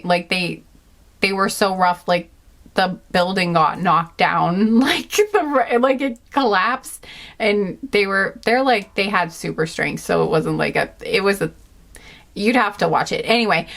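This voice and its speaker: A woman giving a casual pick-a-card reading, rambling and giggling, with "like" in nearly every phrase. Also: a bit bright. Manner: rambling, says 'like' constantly, giggly; acts out quoted reactions in a higher pitch. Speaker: tarot card reader.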